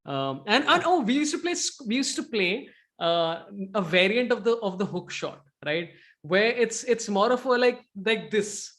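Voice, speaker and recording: A man's voice: sits high, very animated, normal speed, fairly bright tone. A man hosting a casual cricket chat show, talking in a loose, rambling way with many fillers and restarts. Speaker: podcast host.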